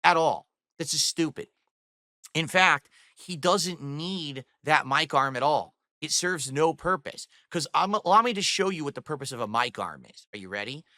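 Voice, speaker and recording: Scornful, bright-voiced male streamer ranting. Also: fairly high pitch, expressive, moderate pace, no room sound, clean studio sound. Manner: mocking, profane, scornful; addresses viewers and chat directly. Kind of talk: livestream rant. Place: home streaming studio. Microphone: studio microphone on a boom arm.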